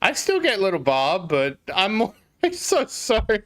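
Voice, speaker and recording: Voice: mid-range voice, huge pitch swings, measured pace, fairly bright tone. A game streamer talking casually to live viewers, flustered, apologetic and laughing at their own mistake.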